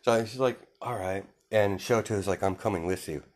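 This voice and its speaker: Rambling low-voiced young man. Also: moderate pace. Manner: rambling, many fillers and restarts; quotes characters without doing voices. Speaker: fan storyteller. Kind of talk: casual spoken fan-fiction retelling.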